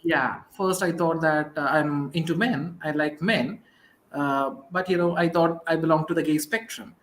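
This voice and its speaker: A man from India with an Indian accent, a guest in a casual interview, soft-spoken and hesitant with many fillers. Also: on the high side, moderate pace, roomy sound, a little hiss or hum.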